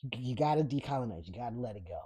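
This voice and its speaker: A man hosting his own podcast, ranting casually and bluntly with lots of swearing and frequent laughter. His voice sits at a middle pitch with a warm, mellow tone. He rambles, restarts and stacks fillers as he reacts to the chat. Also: lively intonation, rapid-fire, breathy edge. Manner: profane, blunt and laughing often. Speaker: podcast host. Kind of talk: casual political rant reading live chat.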